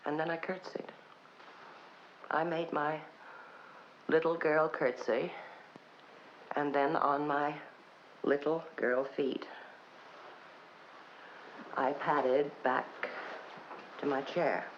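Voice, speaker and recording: An actress playing a wry, bitter woman who drinks too much, talking in slow, theatrical swings from low murmurs to sharp high bursts. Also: flat delivery. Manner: sardonic, theatrical, sweeping pitch swings. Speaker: actress in a filmed stage play. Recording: dull old film soundtrack with faint hiss.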